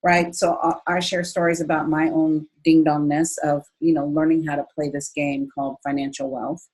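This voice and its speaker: A woman in her fifties speaks in a low, husky voice. She is telling her story as an interview guest. Her delivery is expressive, and she leaps up in pitch whenever she quotes her own thoughts. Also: normal speed, poor audio. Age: 50s. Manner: expressive, jumps up high when quoting herself. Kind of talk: conversational storytelling.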